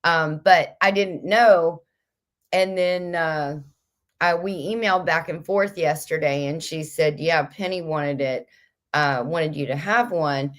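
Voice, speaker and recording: A woman's voice: deep voice, unhurried, a bit bright. A middle-aged woman hosting a casual livestream, reading viewer comments aloud in a chatty, kooky way, a little stuffy and headachy. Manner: chatty, kooky, laughs often. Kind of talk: casual chat.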